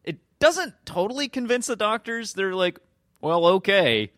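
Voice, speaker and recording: A man's voice: very high-pitched, expressive, moderate pace, fairly bright tone, no echo, studio quality. A man hosting a podcast, casually and ramblingly recapping a TV episode with a co-host. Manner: loose, rambling recap, often slips into quoting characters. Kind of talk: casual chat.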